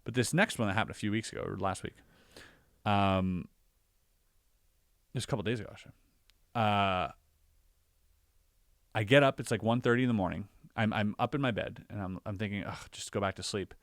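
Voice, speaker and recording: Animated man telling a story, dry sound. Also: on the low side, brisk, pauses often, no room sound. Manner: animated, acts out his own reactions, many fillers. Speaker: podcast guest or co-host. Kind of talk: casual storytelling conversation.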